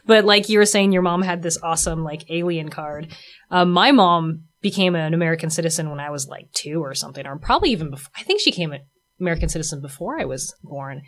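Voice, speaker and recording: A woman hosting a casual interview, chatty and animated as she tells stories and laughs often. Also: deep voice, fast talker. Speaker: host.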